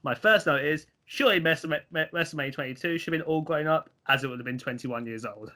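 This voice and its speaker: Bright-voiced man hosting a wrestling chat. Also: on the high side, fast talker. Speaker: podcast host. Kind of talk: casual chat.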